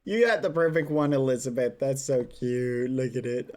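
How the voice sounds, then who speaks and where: A man's voice: medium pitch, moderate pace, hardly any pauses, a little mellow. A man streaming casually, chatting to viewers while coaxing his dog. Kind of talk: casual livestream chat.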